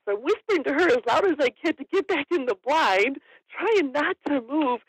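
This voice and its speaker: A woman's voice: high voice, expressive, normal speed, no room sound. A woman guest telling a hunting story in a casual interview, chatty and laughing often. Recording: dull lo-fi audio.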